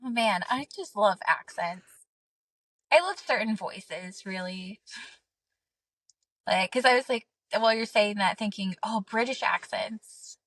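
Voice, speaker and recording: A woman's voice: medium pitch, animated, unhurried, long pauses, fairly bright tone, no room sound. A woman co-hosting a podcast in casual chat, easygoing and agreeable, with plenty of "like" and "um". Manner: easygoing, agreeable, filler-heavy. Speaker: podcast co-host.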